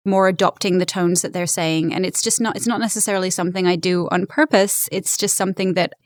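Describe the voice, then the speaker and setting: A woman's voice: mid-range voice, no room sound, studio quality. A woman in her thirties from England, speaking with an American accent as an upbeat, chatty voice-actor guest who laughs easily in an interview. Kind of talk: casual interview chat.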